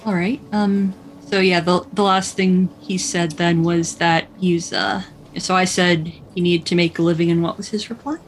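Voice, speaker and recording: A woman's voice: fairly low pitch, steady tone, normal speed, hardly any pauses, slight background noise, low-quality recording. Hesitant woman playing a tabletop game. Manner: thinks aloud, hesitant with many fillers. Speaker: player. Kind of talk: casual tabletop role-play.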